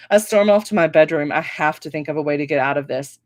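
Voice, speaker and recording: A woman reading her own novel aloud, telling it in an expressive first-person way. Her voice sits on the low side and sounds dry and close to the mic. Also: fast, few pauses, dry recording. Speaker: author reading her book.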